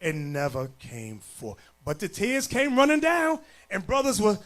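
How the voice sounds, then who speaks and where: A man preaching as a bishop, blunt and forceful, dropping to low mutters and rising to shouts. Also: wildly swooping pitch, a little slow, hardly any pauses. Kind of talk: sermon.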